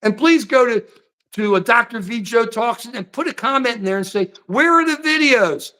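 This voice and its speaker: A man's voice: extremely high pitch, normal speed, bright, forceful tone. A man hosting a political commentary livestream, ranting and rambling, repeating phrases as he reads out chat comments. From United States.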